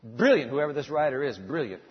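A man's voice: mid-range voice, lively intonation, a little fast, husky. A man preacher delivering a dramatic, storytelling sermon full of asides. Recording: dull sound with long hall reverb.

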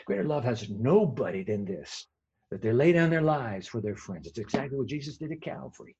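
Man preaching a sermon, husky voice, dull lo-fi sound, conversational, emphatic then hushed. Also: medium pitch, lively intonation, fairly quick. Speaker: pastor.

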